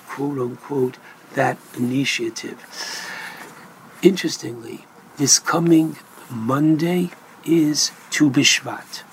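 A man giving a Torah lecture as a rabbi, speaking deliberately and with emphasis, mixing in Hebrew terms. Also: fairly high pitch, slight background noise, poor audio.

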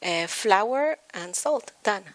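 An Argentine woman with a Spanish accent talks about cooking in a relaxed chat. She is animated, jumps up in pitch when excited and laughs often. Her voice sits at a middle pitch for a woman. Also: slow pace. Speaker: guest home cook. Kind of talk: casual chat.

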